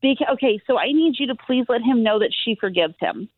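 A chatty woman gives a psychic reading on a podcast, joking about herself and laughing between thoughts. Her voice sits a little high. The sound is tinny like a phone line and dry, with no room echo. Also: lively intonation, quick pace. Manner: chatty, self-deprecating, laughs often. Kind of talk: casual podcast chat and reading.

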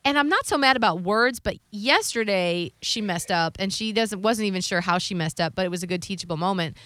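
A bright-voiced woman in her thirties tells a parenting story in loose, casual chat. She fills her speech with "like" and acts out what others said. The sound is dry and close. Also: medium pitch, lively intonation, brisk, no room sound. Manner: chatty storyteller, acting out quotes, many "like"s. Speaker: radio host.

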